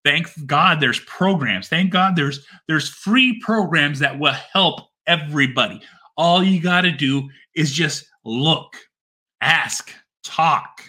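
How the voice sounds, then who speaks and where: Middle-aged man, blunt, heartfelt, heavy swearing, bright forceful voice, slightly high. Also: lively intonation, slow pace. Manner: repeats phrases for emphasis. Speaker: father sharing his story. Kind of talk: candid personal monologue.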